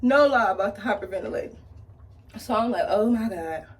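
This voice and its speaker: A beauty vlogger tells a story animatedly while doing her makeup, speaking briskly. She acts out the people in it with big pitch jumps, and the mic sounds distant.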